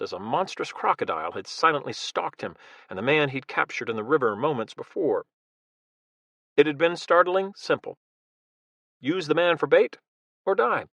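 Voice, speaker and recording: A man narrating an action thriller audiobook in a measured, dramatic storytelling style, recorded on a close studio mic. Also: medium pitch, fairly bright tone, no room sound.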